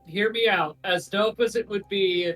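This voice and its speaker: A man with a fairly high, bright voice talks as a game player. He reasons calmly and slips in dry jokes, with faint music behind. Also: a little slow. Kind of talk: casual game chat.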